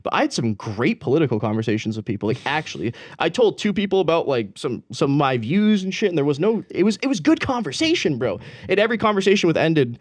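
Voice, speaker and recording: A man's voice: on the high side, very animated, fast, dry recording. A young man co-hosting a podcast, telling stories in a rambling, profane way, full of slang and laughter. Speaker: podcast co-host. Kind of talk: casual podcast storytelling.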